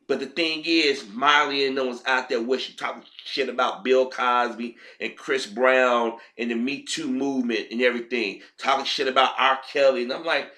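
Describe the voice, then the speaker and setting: A man's voice: medium pitch, pushed and bright. A man ranting in heated, profane commentary as a vlogger.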